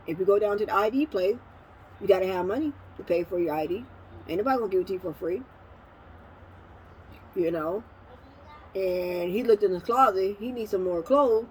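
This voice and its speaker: A woman's voice: medium pitch, darkish tone, slight background noise, low-quality recording. Candid woman venting in a home vlog. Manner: candid, venting, conversational with slang. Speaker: vlogger. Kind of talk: casual monologue while eating.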